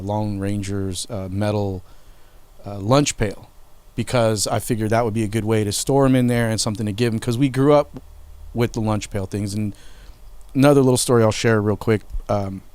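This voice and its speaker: Smooth-voiced man telling family stories. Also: fairly low pitch, steady tone, moderate pace, a little mellow, no room sound. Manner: candid, emotional, swears freely. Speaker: podcast host. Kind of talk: casual storytelling.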